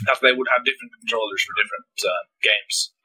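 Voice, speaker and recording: A man's voice: fairly low pitch, quick pace, sharp tone, slightly rough, poor audio. A man co-hosting a gaming podcast in casual chat, speaking hesitantly with many fillers.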